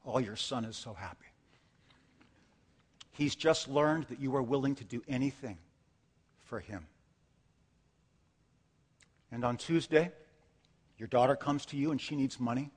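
A man's voice: medium pitch, a little slow, pauses often, slightly rough. A man preaching a sermon in a church, telling a dramatic story with acted asides and building to impassioned emphasis. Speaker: pastor. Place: church sanctuary. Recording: long hall reverb.

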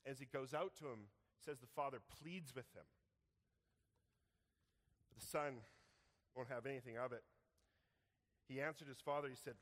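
A man preaching a sermon, retelling a story with lively emphasis and acting out the characters' voices. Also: medium pitch, normal speed, long pauses, big-room sound. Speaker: pastor.

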